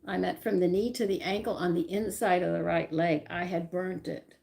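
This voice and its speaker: Older woman telling animated childhood stories. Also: fairly low pitch, normal speed, gravelly. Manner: rambling, animated, corrects herself mid-story. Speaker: channel host. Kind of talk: personal storytelling.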